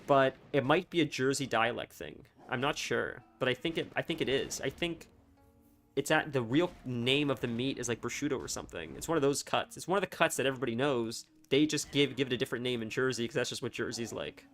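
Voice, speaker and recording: A man's voice: medium pitch, brisk, a bit bright, soft background music. A man streaming a game and chatting casually with his viewers, rambling along with lots of filler words and restarts. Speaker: gaming livestreamer. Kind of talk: casual chat with live viewers.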